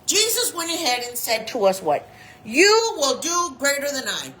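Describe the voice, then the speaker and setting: A woman in her fifties preaching a sermon as a chaplain, talking in an animated way and acting out the people she quotes. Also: sits high, normal speed, poor audio. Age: 50s.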